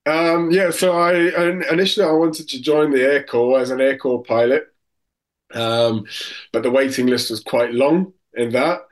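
A man's voice: mid-range voice, fairly even intonation, normal speed. A man from South Africa with a South African accent, a guest telling anecdotes in a casual interview, often restarting his sentences. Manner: tells anecdotes with acted quotes, frequent restarts.

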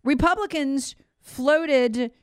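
A woman hosting opinionated political commentary, sarcastic and mocking, with sudden swings between loud jabs and low muttered asides. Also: slow, dry recording, studio quality. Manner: sarcastic, mocking impressions of officials.

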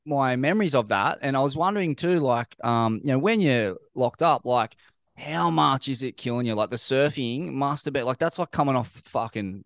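An Australian man hosts an easygoing interview, winding through long questions with plenty of casual swearing. His voice sits at an ordinary middle pitch, and the sound is close and dry with no room echo. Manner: laid-back, profane, long rambling questions. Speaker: podcast host.

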